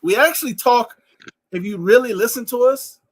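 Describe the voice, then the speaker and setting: A man's voice: extremely high pitch, moderate pace. A man from Louisiana with a New Orleans accent, co-hosting a casual podcast chat and telling stories with lots of laughter. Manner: animated storyteller, laughs often, slips into character voices. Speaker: podcast co-host.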